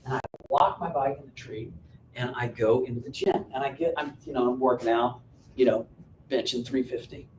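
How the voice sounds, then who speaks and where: A man coaching an audience through a joking, self-mocking personal story, told with lively energy. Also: normal speed. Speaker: business coach and speaker. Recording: roomy and distant with faint rumble.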